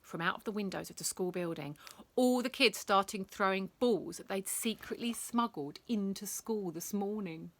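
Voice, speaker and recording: A woman reading a bedtime story, animated, acting out sound effects and dropping to whispers. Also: mid-range voice, moderate pace.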